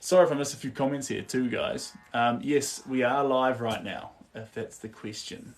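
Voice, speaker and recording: A man's voice: medium pitch, moderate pace, far from the mic. A man with a New Zealand accent chatting casually on a live stream while he paints. He murmurs to himself about his strokes and stops now and then to answer viewer comments.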